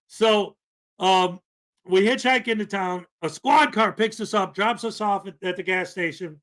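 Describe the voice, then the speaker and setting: A man's voice: high-pitched, measured pace, a bit bright. A man telling a rambling story in casual podcast chat, full of fillers and asides.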